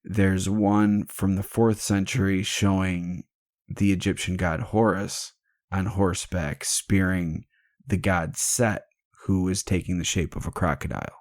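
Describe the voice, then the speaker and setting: A man's voice: deep voice, steady tone, unhurried, no echo, studio quality. A man hosting a podcast, retelling a legend in a casual, irreverent and jokey way, swearing freely. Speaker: podcast host. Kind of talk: casual storytelling chat.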